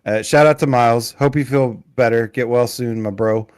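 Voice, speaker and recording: A man's voice: medium pitch, fairly even intonation, normal speed, darkish tone, clean tone. A man filling in as co-host on a live gaming podcast, joking around and talking casually with frequent fillers. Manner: jokey, hypes things up, lots of fillers. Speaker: guest co-host. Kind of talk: casual live show chat.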